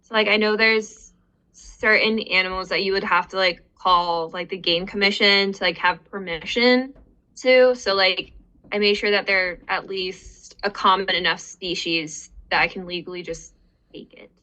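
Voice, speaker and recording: A woman in her twenties chatting casually as a podcast guest, relaxed and trailing off, with lots of filler words. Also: mid-range voice, moderate pace, low-quality recording. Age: 20s. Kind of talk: casual chat.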